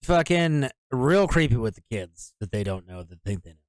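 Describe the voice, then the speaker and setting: Lively, smooth-voiced male podcast co-host. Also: mid-range voice, no echo. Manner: laid-back, profane, quick to laugh. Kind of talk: casual movie review chat.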